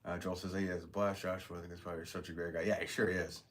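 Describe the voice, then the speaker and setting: A man with a notably low voice hosts a casual live stream and reads viewer comments aloud. He is upbeat and chatty, laughs often and thanks people warmly. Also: little pitch movement, racing. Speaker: potter hosting a live stream.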